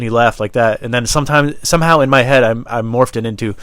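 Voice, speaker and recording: A man's voice: mid-range voice, quick pace, a bit bright, clear, resonant tone, no room sound. A man hosting a rambling solo podcast, self-deprecating and swearing a lot, a bit out of breath as he smokes on the wooden basement stairs at home into a small wired microphone. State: out of breath, smoking. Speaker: podcast host.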